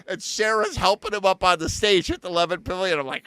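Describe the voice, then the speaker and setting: A man hosting a show, telling stories in a casual, animated way with plenty of fillers. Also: high voice, quick pace, smooth, no echo. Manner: animated, chatty, lots of fillers. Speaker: show host and musician. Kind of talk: casual storytelling.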